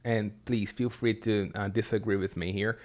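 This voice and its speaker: A man's voice: on the low side, steady tone, moderate pace, a little mellow. A man from Brazil, a guest on a podcast, speaking thoughtfully and hesitantly with many ums. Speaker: podcast guest, English teacher. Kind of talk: casual interview chat.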